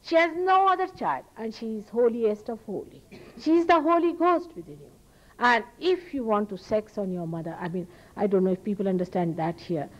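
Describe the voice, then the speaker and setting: Speaking a little fast at a medium pitch, a female spiritual teacher with an Indian accent addresses an audience. She is earnest and emphatic and repeats phrases for stress, and the archival recording sounds dull.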